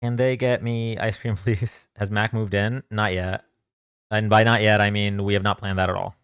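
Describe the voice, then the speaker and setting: A young man with a lowish voice hosts a casual live stream, chatting loosely and throwing out greetings to viewers by name. The sound is dry and close, with no room echo. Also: level tone, normal speed, a bit bright, clear, resonant tone. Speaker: livestream host.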